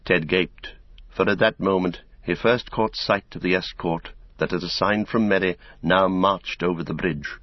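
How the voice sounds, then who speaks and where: A man narrating an audiobook in a steady, measured reading. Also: sits low, dry recording. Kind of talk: scripted narration. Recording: dull, dry recording.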